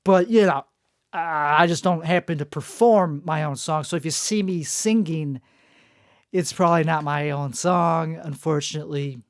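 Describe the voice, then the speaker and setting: A man's voice: fairly high pitch, moderate pace, no echo, clean studio sound. A man hosting a rambling solo podcast, talking through barely moving lips in a self-mocking way, his voice strained and worn. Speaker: podcast host. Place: indoor room.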